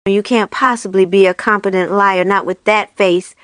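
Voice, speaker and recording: A woman's voice: mid-range voice, steady tone, moderate pace, a bit bright, smooth, dry recording, lightly acted. Casting: woman playing a paranoid, bitter witch, accusing and intense, dry close reading.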